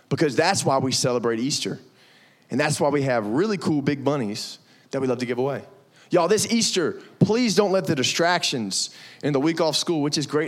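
A young man preaching a lively, conversational sermon to middle schoolers, acting out quotes and saying y'all. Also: on the high side. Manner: animated, conversational, says y'all, acts out quotes. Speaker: youth pastor. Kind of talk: youth sermon.

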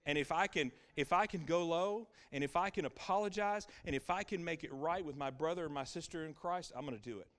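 A middle-aged man preaching a sermon as pastor, with an emphatic, repetitive cadence that drops to hushed lines and climbs to loud exclaiming peaks. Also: a little high, fairly quick, hardly any pauses, smooth.

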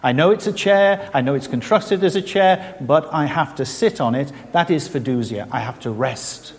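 A man's voice: on the high side, normal speed. A middle-aged man preaching a sermon, telling stories and asking rhetorical questions in an earnest manner. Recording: reverberant hall.

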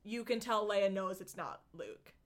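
A young woman co-hosting a casual chat, excitable and gushing, often acting out lines. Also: medium pitch, unhurried.

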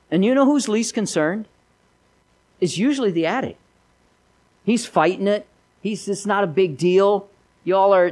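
A man's voice: on the high side, poor audio. A man preaching a sermon, mixing folksy stories with emphatic appeals. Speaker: pastor.

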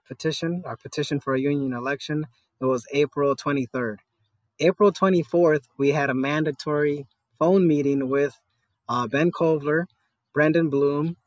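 An earnest man, speaking in an interview at a middle pitch. His voice is recorded close and dry, with no room sound. He talks with many fillers and often checks in with "right?". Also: dry recording. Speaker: guest, cannabis store worker organizing a union. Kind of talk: conversational interview.

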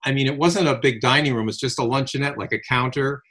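An older man casually telling long, rambling personal anecdotes, animated, with restarts and quoted dialogue. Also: mid-range voice, fast talker. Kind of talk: casual conversational storytelling.

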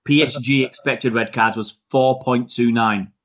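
A man's voice: medium pitch, fairly even intonation, measured pace, a bit bright, dull audio. Blunt man talking football. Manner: blunt and outspoken. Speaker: podcast co-host. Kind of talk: casual football chat.

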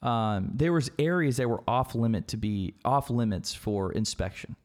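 A man hosting a casual podcast chat about politics, talking in an animated way and mimicking public figures. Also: mid-range voice, moderate pace. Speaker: podcast host.

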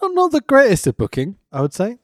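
A man co-hosting a podcast in casual comedic chat, sarcastic and quick to laugh. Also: high voice, huge pitch swings, dry recording, studio quality. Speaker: podcast co-host.

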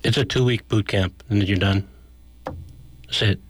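A man's voice: fairly low pitch, steady tone, moderate pace, slight background noise. A man, an activist guest on a radio show, gives a blunt and argumentative political analysis in casual speech.

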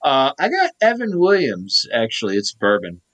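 In poor audio, this thirty-something podcast co-host talks at a normal speed in a mid-range, slightly bright voice that swings hugely in pitch. His casual chatter wanders, packed with fillers and false starts.

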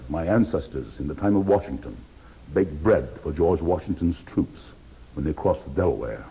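Defiant, booming man with a deep bass. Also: lively intonation, normal speed, vocal fry, warm tone, slightly rough, poor audio. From United States. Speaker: witness at a hearing. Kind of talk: archival hearing testimony.

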